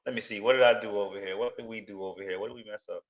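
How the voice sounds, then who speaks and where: A man's voice: on the low side, steady tone, rapid-fire. A man hosting a live stream, chatting casually with viewers in a loose, slangy way, repeating himself and thinking aloud. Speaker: livestream host.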